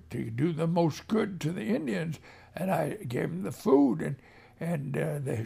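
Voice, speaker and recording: A man's voice: high voice, vocal fry, a little mellow, slightly rough. A male missionary giving a homespun ministry appeal, talking plainly and calling his listeners neighbor as he tells an emotional story. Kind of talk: folksy radio ministry appeal.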